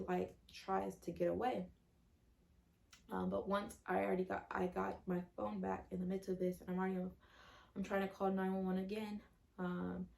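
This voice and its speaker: A woman's voice: mid-range voice, creaky, a little mellow, reverberant. A young woman vlogger recounting a personal story in earnest detail, with many fillers.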